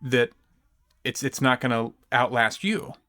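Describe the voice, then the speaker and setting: A man co-hosting a casual church podcast, talking in halting bursts with many restarts. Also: medium pitch, sharp tone, no room sound.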